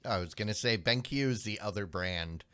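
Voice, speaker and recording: A man co-hosting a tech podcast in casual chat, explaining the background of a news item with frequent pauses and restarts. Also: on the low side, a bit bright, clear, resonant tone. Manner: explanatory, hesitant, many ums and restarts. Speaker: podcast co-host.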